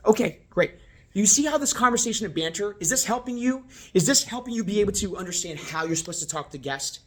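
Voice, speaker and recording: A man training restaurant servers, talking straight to the viewer in an animated, coaching way and checking that they follow along. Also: sits high, fast talker. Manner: acts out guest and server lines. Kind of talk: instructional talk to camera.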